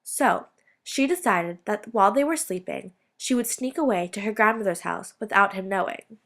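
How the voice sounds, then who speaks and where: Bright-voiced woman reading a fairy tale. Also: medium pitch, normal speed. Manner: steady, bright read-aloud narration. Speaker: student reader.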